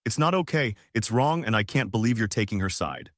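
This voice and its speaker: A man's voice: on the low side, very animated, brisk, dry recording, studio quality. A man voicing a hurt, betrayed young woman. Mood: upset. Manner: pleading and indignant.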